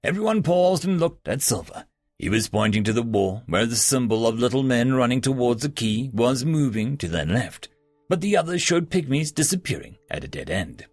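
A man's voice: medium pitch, very animated, moderate pace, a little mellow, no echo, studio quality, faint music behind. A man narrating a fantasy story as an audiobook.

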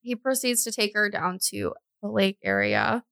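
Gravelly young woman telling a crime story. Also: mid-range voice, sing-song, moderate pace, fairly bright tone, no echo. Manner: chatty, with frequent fillers and self-corrections. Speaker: podcast co-host. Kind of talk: casual true-crime storytelling.

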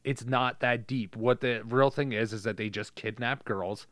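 Man, podcast co-host, casual movie recap, bright voice, dry sound. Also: steady tone, normal speed, no room sound. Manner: laughing, acts out movie lines in a high squeaky voice.

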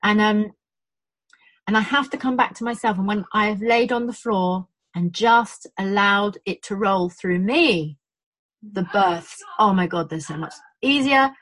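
Unhurried and mid-range, the voice belongs to a British woman in birth support telling animated stories in casual conversation, acting out what people said. Audio is poor, with no room sound.

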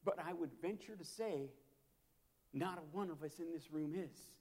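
A man preaching a sermon as a pastor, impassioned and repetitive, swinging from hushed to loud. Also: a little high, normal speed. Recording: long hall reverb.

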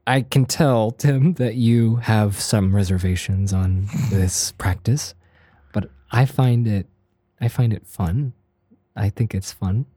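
A man's voice: fairly low pitch, takes it slowly, mellow, husky, no echo. A man co-hosting a podcast in casual chat, laid-back and playful, often trailing off mid-sentence. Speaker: podcast co-host.

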